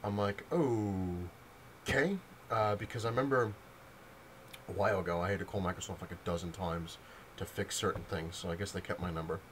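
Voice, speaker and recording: A man's voice: low-pitched, normal speed, fairly bright tone, a little hiss or hum, poor audio. A young man in a casual vlog, telling a long story with lots of fillers and restarts. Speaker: vlogger. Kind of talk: casual rant to camera.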